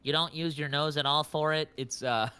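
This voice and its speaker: A man's voice: fairly high pitch, fairly even intonation, normal speed, noisy background. A young man, a voice actor guest on a podcast, chatting casually in a rambling, self-deprecating way full of fillers and restarts.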